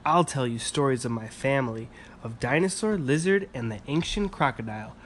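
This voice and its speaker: A man voicing a kindly, protective male winter dragon in a storybook read-aloud, speaking gently with soft chuckles. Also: mid-range voice, animated, brisk, slight background noise, lightly acted. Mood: gentle.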